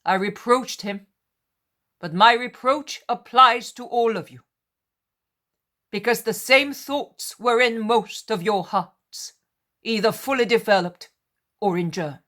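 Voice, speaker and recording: A woman voicing a gentle but firm spiritual teacher who speaks with fatherly, authoritative tenderness. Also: fairly high pitch, slow pace, long pauses, pitched above the performer's own voice. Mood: tender.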